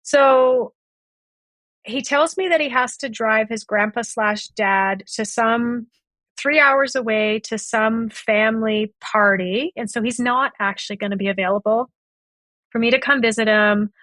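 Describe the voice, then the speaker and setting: A woman's voice: a little high, a little slow, a bit bright, no room sound. A woman guest on a podcast, retelling a past relationship and acting out both sides of the conversations. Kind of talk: storytelling in a podcast interview.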